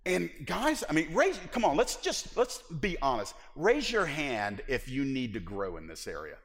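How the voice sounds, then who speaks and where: Animated pastor preaching in a reverberant hall. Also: male voice, medium pitch, moderate pace. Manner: animated, humorous, acts out little scenes. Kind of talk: sermon.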